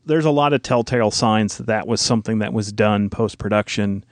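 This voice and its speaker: A man's voice: on the low side, brisk, dry recording. A man co-hosting a podcast, explaining film trivia at length in casual conversation. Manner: informative, explains details at length. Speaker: podcast co-host.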